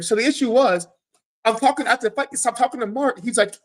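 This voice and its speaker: This guest fighter's voice is extremely high-pitched and fairly fast, captured on a rough recording. Chatting casually on a podcast, he replays a fight with lively storytelling, frequent cursing, and acted-out lines of what he said.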